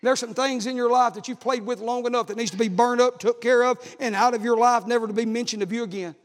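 A preacher with a strikingly high voice delivers his sermon in a rhythmic cadence. He stacks repeated phrases and rises toward shouting. The sound rings with a long church-hall reverb. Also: fairly even intonation, fast talker. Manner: builds from conversational to shouted, half-sung climaxes. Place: church sanctuary.

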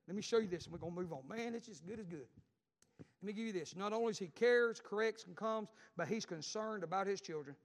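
A middle-aged man with a Southern US accent preaching a sermon, telling a family story and repeating lines as he swings from loud to hushed. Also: high voice, fast.

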